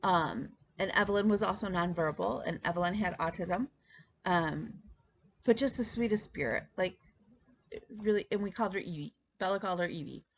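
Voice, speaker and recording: A woman's voice: on the low side, normal speed, gravelly, slight background noise. A woman in her thirties chatting casually to camera as a stitching vlog host, rambling with many ums and restarts. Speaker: flosstube host.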